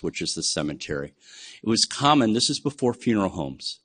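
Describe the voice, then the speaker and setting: A man from the United States leads a genealogy webinar in an easygoing, enthusiastic way. His voice sits a little low, and he talks freely with plenty of fillers. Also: very animated, fairly quick, fairly bright tone. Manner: chatty, enthusiastic, with frequent fillers. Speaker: genealogy presenter. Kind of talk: webinar lecture on research methods.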